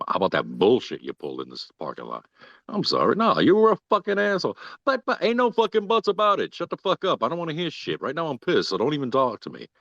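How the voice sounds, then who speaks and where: A man acting out a furious wife who yells and swears at her husband. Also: a bass voice, animated, fast talker, creaky, few pauses, no echo, highs cut off, voice pushed down, exaggerated voice. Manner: profane, shouting.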